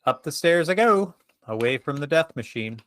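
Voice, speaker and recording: Profane animated man playing a tabletop game. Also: fairly high pitch, moderate pace. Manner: profane, animated, describes his character's actions in first person. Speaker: player.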